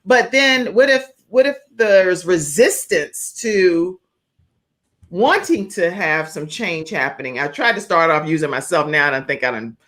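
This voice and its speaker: A woman hosting an interview show, talking in an animated, conversational way. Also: fairly low pitch, measured pace. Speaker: show host.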